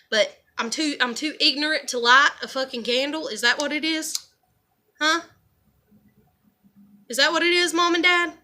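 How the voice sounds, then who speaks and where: A woman's voice: a little high, bright, forceful tone. A woman in an angry personal vlog rant, swearing and repeating furious rhetorical questions. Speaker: vlogger.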